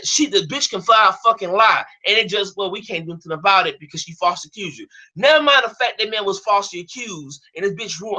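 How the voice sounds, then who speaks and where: Heated young man ranting, tense and bright. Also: high voice. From United States. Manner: heated, profane, repeats and restarts phrases. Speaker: streamer. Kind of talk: angry ranting monologue.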